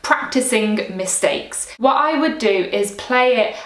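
A woman teaching recorder practice tips in a clear, encouraging way, sometimes singing rhythms aloud. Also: on the high side, animated, takes it slowly, roomy sound.

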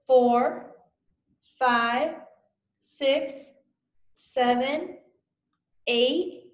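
A woman's voice: high voice, echoey room. A woman teaching young children the calendar over a video call, counting aloud with them. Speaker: preschool teacher.

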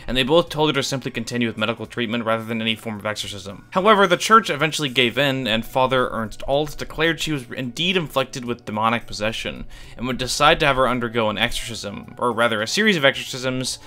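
Bright, crisp-voiced man narrating wryly. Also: mid-range voice, lively intonation, fast, hardly any pauses. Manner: wry, offhand, swears for comic effect. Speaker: YouTube iceberg explainer. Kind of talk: scripted video narration with casual asides.

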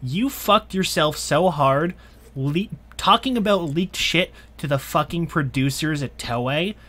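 A man's voice: on the high side, animated, a little slow, sharp tone. Blunt, profane man roasting on a podcast. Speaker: podcast co-host. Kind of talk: casual podcast chat.

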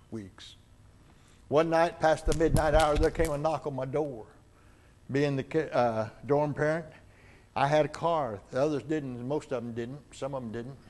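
An older male pastor preaching in a church, in a middle-range voice. He tells a story and slips into the voices of its people, getting louder or softer with the feeling of each moment. The telling is unhurried and plain. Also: medium pitch. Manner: acts out dialogue in the story, with rises and falls in loudness. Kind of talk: sermon storytelling. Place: church sanctuary.

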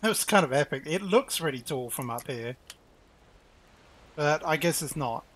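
A man's voice: on the high side, animated, moderate pace, fairly bright tone, husky. A man hosting a game stream, chatting casually and laughing often with friends. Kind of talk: casual gaming chat.

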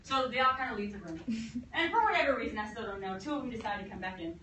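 A woman history teacher telling a lecture as a lively story, acting out quotes and laughing along. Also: fairly high pitch, quick pace, a little hiss or hum. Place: classroom. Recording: echoey classroom from far off.

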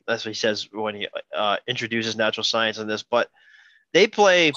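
Podcast host man, casual rambly chat, bright forceful voice, bit dull lo-fi sound. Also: lowish voice, expressive, moderate pace, no room sound. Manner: rambling, self-correcting. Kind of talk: casual chat about music.

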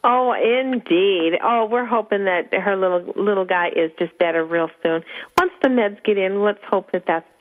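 A woman's voice: medium pitch, moderate pace. A middle-aged woman co-hosting a radio show, chatting casually and sympathetically, often chiming in with short agreements. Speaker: guest co-host. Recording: tinny phone-line radio audio.

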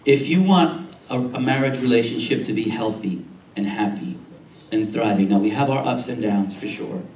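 A man's voice: on the low side, normal speed, a little mellow, slight background noise. A male pastor preaching a sermon, repeating phrases and asking "Amen?" to the congregation. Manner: preaching with frequent "Amen?" checks and repetition. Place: church sanctuary. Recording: roomy, distant church recording.

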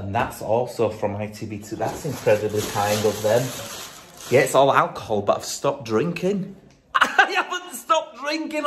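A man's voice: lowish voice, noisy background. Rambling jokey man filming a video diary. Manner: rambling, jokey, self-mocking. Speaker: TV show host. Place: backstage dressing room at a TV studio.

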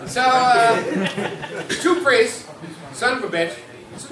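A man doing stand-up comedy at a social club, telling a long joke and swearing at a heckler in loud bursts. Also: extremely high pitch, big pitch swings, extremely slow, long pauses, recorded from a distance. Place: social club stage, indoors. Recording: roomy hall heard from off-mic. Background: crowd laughing.

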